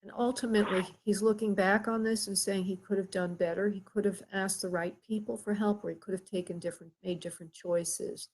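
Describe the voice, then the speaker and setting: A woman hosting a live psychic reading, speaking haltingly with many pauses and calling the caller by endearments. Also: mid-range voice, fairly even intonation, darkish tone, a little hiss or hum, poor audio. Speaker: psychic medium host.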